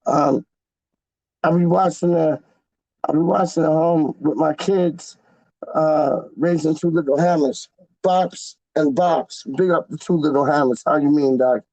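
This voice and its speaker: A man's voice: fairly high pitch, fairly even intonation, unhurried, a little mellow, no echo, low-quality recording. A man hosting a casual livestream, rambling in slang and repeating himself as he talks to his live chat. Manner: slangy and repetitive, calls people "dog" and "man". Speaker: fan channel livestream host.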